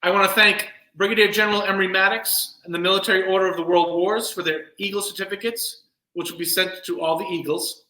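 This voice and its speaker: A man serving as master of ceremonies, giving earnest, measured formal closing remarks at a virtual event. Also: high voice, steady tone, bright, forceful tone, echoey room, low-quality recording. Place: home room, virtual event.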